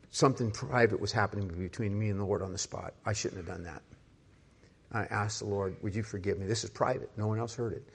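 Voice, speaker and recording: An older man, a pastor, preaching a conversational sermon full of rhetorical questions, dropping to a soft, hushed voice when he retells personal moments. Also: on the low side, husky.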